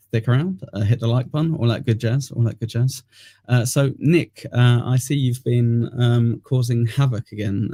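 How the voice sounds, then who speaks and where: A male podcast host with a gravelly, mellow voice talks loosely and fills pauses with "uh". He drifts into sweary banter with his co-host. The recording is dry and close. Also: mid-range voice, dry recording. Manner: rambling, lots of "uh", sweary banter. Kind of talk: casual podcast chat.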